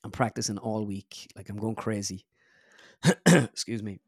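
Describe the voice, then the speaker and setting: A man's voice: lowish voice, unhurried, breathy edge, no echo. Irish man, young adult, casual storytelling, lots of fillers, dry close sound. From Ireland. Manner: rambling, animated storyteller with many fillers. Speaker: guest comedian.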